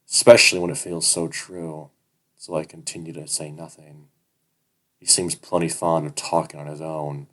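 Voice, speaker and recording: A man narrating a first-person fantasy novel in a measured, introspective way. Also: a bass voice, a bit bright, low-quality recording. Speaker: audiobook narrator.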